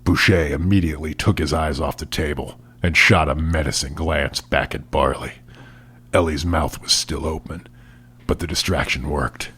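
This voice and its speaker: A man's voice: very deep voice, fairly even intonation, moderate pace, fairly bright tone, husky. A man co-hosting a comedy podcast, reading a book aloud and chatting wryly. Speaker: podcast co-host. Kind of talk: casual chat and dramatic reading.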